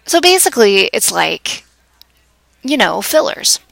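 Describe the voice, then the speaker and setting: A woman acting out a rambling lecture speaker who piles up verbal fillers, pitching her voice higher with a bouncy, uncertain lilt. The slightly gravelly tone sits in a dry room. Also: unhurried, no room sound, heavily acted, rough recording. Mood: silly. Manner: hesitant, filler-laden, high and lively.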